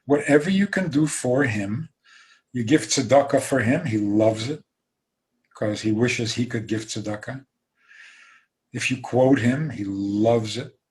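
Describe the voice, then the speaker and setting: A man giving a rabbi's talk over a video call, emphatic, with dry humor and soft laughs. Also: mid-range voice, unhurried. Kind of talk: talk on a zoom call, answering questions.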